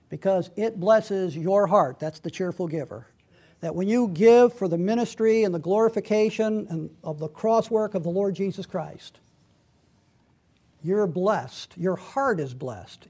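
Man, middle-aged, pastor preaching, fairly high voice, reads scripture aloud, emphatic delivery. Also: animated, normal speed, creaky, dark tone, slightly rough. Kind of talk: sermon.

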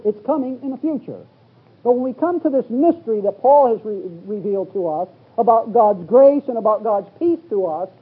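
Extremely high in pitch and husky, a male preacher reads scripture aloud in King James wording during a Bible teaching sermon, explaining each verse in turn and rising into exclamations. It's captured on a phone-like, lo-fi recording.

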